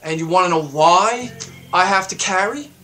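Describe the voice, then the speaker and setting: A man hosting his own show, delivering a heated political rant that swings up into loud, high outbursts. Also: expressive, moderate pace, soft background music. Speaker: show host. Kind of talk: ranting political monologue.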